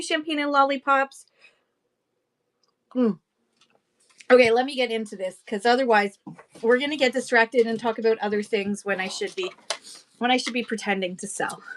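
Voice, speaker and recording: A woman's voice: on the high side, fairly bright tone. Chatty woman running a live auction. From Canada. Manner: chatty, rambling, greets viewers by name. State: out of breath. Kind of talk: casual live-stream selling chat.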